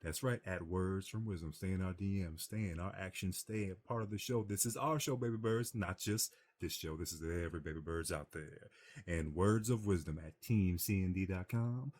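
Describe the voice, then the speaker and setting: A man co-hosting a casual podcast, animated and bantering, acting out movie lines with big swings in his voice. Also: sits low, normal speed. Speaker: podcast co-host.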